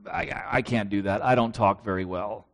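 A man's voice: lowish voice, moderate pace, creaky, pitched below the performer's own voice. A man voicing a timid male prophet who stammers and protests that he cannot speak well, in a sermon. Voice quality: stuttering.

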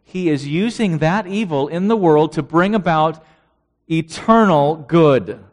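A man's voice: a little high, lively intonation, unhurried. A man preaching a sermon who reads out scripture verses and asks his listeners rhetorical questions.

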